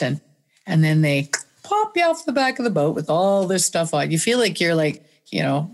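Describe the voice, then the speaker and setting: A woman guest in an interview, telling a personal story with animated, dramatic storytelling. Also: deep voice. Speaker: guest speaker.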